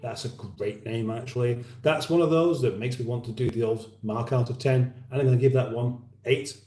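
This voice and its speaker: Reading viewer comments during a casual livestream chat, an English man rambles with dry humour. He speaks at a moderate pace in a mid-range, dark-toned voice, and the sound echoes as if in a roomy space.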